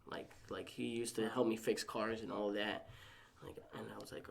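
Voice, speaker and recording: Gravelly young man telling a story. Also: lowish voice, flat delivery, normal speed. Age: young adult. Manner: rambling storytelling full of "like", acting out quoted family members. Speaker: podcast guest. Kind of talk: casual podcast conversation.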